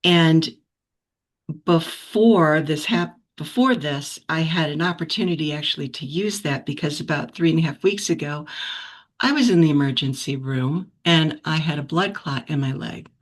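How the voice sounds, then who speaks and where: Woman, lowish voice, telling a personal story on a video call, reflective and unhurried, restarts often. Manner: reflective, with frequent restarts and soft laughs. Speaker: practice group member sharing a story. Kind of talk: casual personal sharing.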